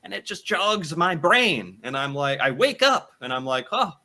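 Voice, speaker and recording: Animated, bright-voiced American man. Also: on the high side, moderate pace. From United States. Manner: animated, laughs often, thinks aloud. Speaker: video reactor. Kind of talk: casual reaction commentary.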